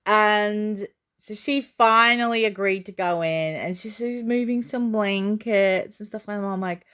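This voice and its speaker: A woman vlogger telling a story casually to camera, chatty and excitable with many fillers. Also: medium pitch, measured pace, smooth. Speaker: doll collector vlogger.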